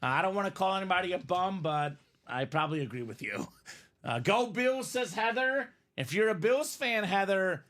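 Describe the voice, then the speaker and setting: High-voiced chatty male stream host. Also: fairly bright tone. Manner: chatty, reads viewer comments aloud. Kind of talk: casual live stream chat.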